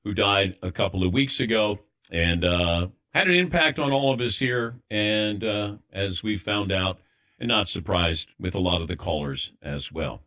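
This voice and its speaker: A middle-aged man hosting a sports radio show in relaxed, conversational banter. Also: low voice, normal speed.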